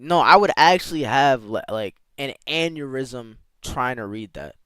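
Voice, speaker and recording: A man's voice: mid-range voice, expressive, unhurried, pushed and bright, clean tone, no room sound. A man streaming live, chatting casually with his viewers and playfully sounding out foreign words. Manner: talks to chat with slangy asides.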